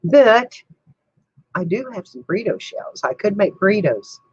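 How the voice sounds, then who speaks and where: A woman's voice: medium pitch, very animated, a little slow, a little mellow, husky, no echo, muffled recording. An older woman chatting casually with viewers on a home livestream, laughing often in a folksy way. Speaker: livestream host. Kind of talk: casual chat answering viewers.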